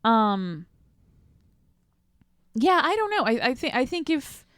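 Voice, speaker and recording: A woman's voice: sits high, sing-song, slow pace, a bit bright, no echo, clean studio sound. A woman co-hosting a podcast, chatting about an old film in a thoughtful way and often offering short agreement. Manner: thoughtful, backchannels often, laughs easily. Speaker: podcast co-host. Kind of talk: casual film discussion.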